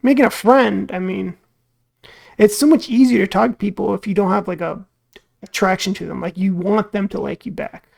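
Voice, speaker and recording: A man's voice: sits high, steady tone, moderate pace, gravelly, a little mellow. A man hosting a reaction video, rambling and musing in casual commentary, full of fillers and acted-out quotes.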